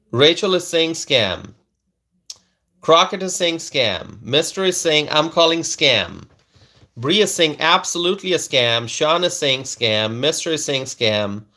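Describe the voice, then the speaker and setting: A man hosts a casual political livestream, reading viewer comments aloud in a fairly high, bright and forceful voice. He speaks slowly and emphatically, repeating phrases and often putting questions to his audience.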